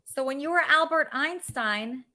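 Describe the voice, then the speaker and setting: A woman hosting a comic interview show, asking mock-earnest, deadpan questions. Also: high voice, measured pace. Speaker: host.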